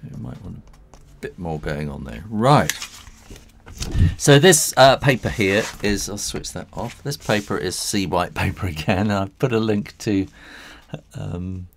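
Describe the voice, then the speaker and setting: A man's voice: sits low, animated, a little slow, creaky, a little hiss or hum. A man who illustrates books, talking through a live drawing tutorial in a chatty, rambling way with frequent chuckles, working in a studio next to his house. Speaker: illustrator and author.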